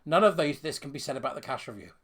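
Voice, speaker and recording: A man's voice: a little high, expressive, rapid-fire, a bit bright. A man giving scornful, sarcastic ranting commentary while reading out a letter.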